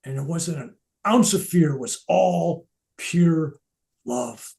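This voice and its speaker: Slowly and without a script, an older man speaking at a veterans event recounts spiritual experiences from his own life. The voice is mellow and warm, pitched a bit high for a man. He's a lively storyteller who frequently trips over and restarts his sentences, sinking into soft, almost whispered words to stress a point.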